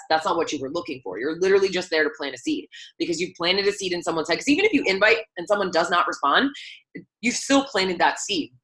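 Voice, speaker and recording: A young woman leads her team through a motivational call. She talks fast in a bright, forward voice that sits a little low. Her delivery stays casual and upbeat, full of "like" and "um". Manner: chatty, upbeat, lots of "like" and "um". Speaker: coach leading a team call.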